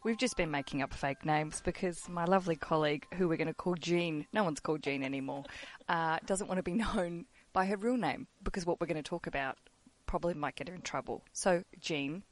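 A woman hosting a podcast in casual chat, playful and chatty with quick asides. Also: deep voice. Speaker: podcast host.

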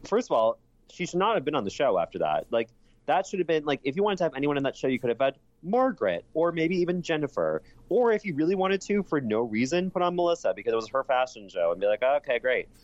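A man's voice: fairly high pitch, big pitch swings, fast, no echo, lo-fi sound. A man co-hosting a podcast, chatting casually and emphatically, swearing freely and restarting often. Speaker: podcast co-host. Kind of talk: casual recap chat.

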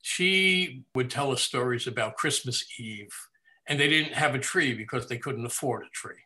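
Older guy reminiscing in an interview, bright tense voice, chuckles at his own stories. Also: medium pitch, moderate pace. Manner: animated storyteller who laughs at his own stories. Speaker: interview guest.

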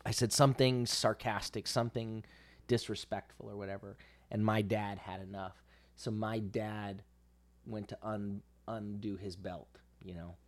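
A man's voice: lowish voice, steady tone, unhurried. A man co-hosting a podcast, telling a childhood story in a rambling, self-correcting way and laughing as he goes. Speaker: podcast co-host. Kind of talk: casual storytelling chat.

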